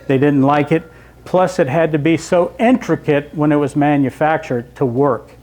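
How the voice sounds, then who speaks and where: A man lecturing from slides in a relaxed, conversational way. His voice sits a touch higher than most men's. He walks the audience through the material step by step, with small asides. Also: moderate pace. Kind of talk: public history lecture with slides. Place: library lecture room.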